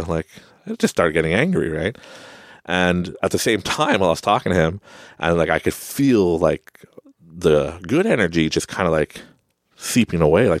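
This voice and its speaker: A podcast host speaks in a deep voice with vocal fry, captured in studio quality with no echo. He tells meandering stories casually, leaning heavily on fillers and laughing often.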